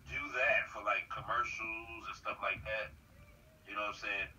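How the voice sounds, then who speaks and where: Guest: easygoing, teasing man, very bright tone, picked up from a distance with faint noise. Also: lowish voice, little pitch movement, moderate pace, husky. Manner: laid-back, teasing, blunt. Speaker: voice actor guest. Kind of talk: casual chat.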